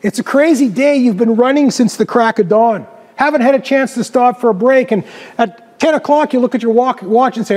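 A man preaching a storytelling sermon, dramatic, dropping his voice low for emphasis. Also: brisk, in a large hall. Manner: dramatic, varies pitch and loudness, drops low for emphasis. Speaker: pastor.

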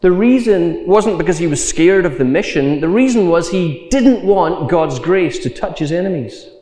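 A man preaching a sermon, telling the story slowly and acting out the quotes. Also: high voice, lively intonation, mellow. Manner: unhurried storytelling with acted quotes. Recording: echoey hall.

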